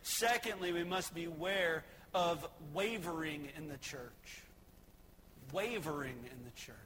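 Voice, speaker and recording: Bright high-voiced preacher in a reverberant church. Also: male voice, unhurried, a little hiss or hum. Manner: folksy, joking storytelling between points. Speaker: pastor. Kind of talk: sermon. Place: church sanctuary.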